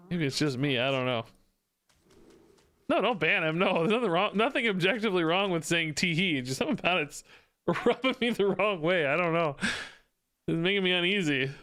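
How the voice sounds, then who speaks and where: A young man with a high-pitched, sharp voice streams a card game, commenting casually to his viewers. He's loose and self-mocking, and he laughs often.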